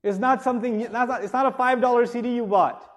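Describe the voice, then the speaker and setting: High-voiced man giving a religious lecture. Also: fairly even intonation, fast. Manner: conversational, joking, asks the audience rhetorical questions; grows forceful and insistent when urging respect. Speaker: Islamic teacher. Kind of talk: religious lecture to a live audience.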